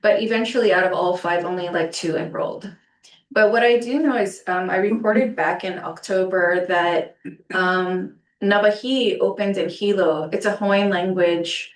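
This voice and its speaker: A woman's voice: lowish voice, fairly even intonation, normal speed. A woman board member at a public meeting, reasoning aloud and asking questions with frequent fillers. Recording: echoey room, distant mic.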